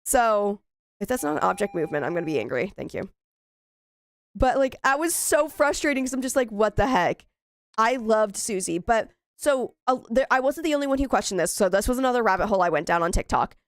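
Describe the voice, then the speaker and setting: A woman's voice: a little high, expressive, a little fast, dry recording, clean studio sound. A woman in her thirties chatting casually while playing a horror game, often exclaiming in frustration. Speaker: gaming streamer. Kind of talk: casual let's-play commentary.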